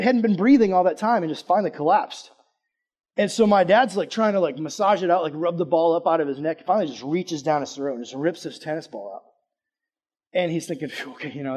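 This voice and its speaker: A man preaching a casual sermon, chatty and conversational, asking the audience questions and telling a personal story. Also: a little high. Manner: lively, swings between loud emphasis and hushed asides.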